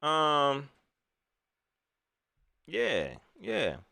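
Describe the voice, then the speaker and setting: A man hosting a casual live-stream sports talk show, animated and repeating phrases, often laughing. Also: a little high, extremely slow, creaky, no room sound. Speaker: sports fan show host.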